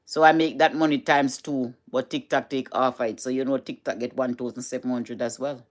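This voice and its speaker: A woman's voice: a bass voice, steady tone, brisk. A middle-aged Jamaican woman with a Jamaican accent, chatting casually to camera in a vlog from home, repeating herself and slipping into patois. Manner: chatty, repetitive, switches into patois. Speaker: vlogger.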